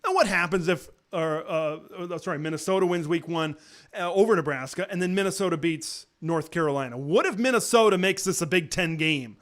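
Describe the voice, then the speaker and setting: A man hosting a live college football talk show, chatting casually and excitably, with lots of fillers and sudden jumps up in pitch on rhetorical questions. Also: brisk. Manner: conversational with frequent fillers and restarts. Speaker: sports talk host.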